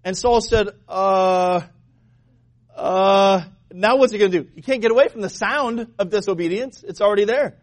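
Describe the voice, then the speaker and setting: A man preaching a sermon as pastor, animated and joking, asking the congregation questions. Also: high-pitched, fast, hardly any pauses.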